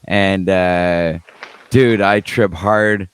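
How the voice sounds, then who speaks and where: A man telling a story in casual chat on a video call, acting out the dialogue with lively energy. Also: low voice, extremely slow, clean tone. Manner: animated storytelling, acts out dialogue.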